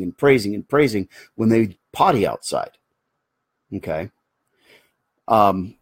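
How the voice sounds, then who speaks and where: Male host, husky voice, dry close sound; earnest, explanatory, rambling delivery while answering viewer questions live. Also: on the low side, dry recording. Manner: earnest, explanatory, drifts into asides and restarts.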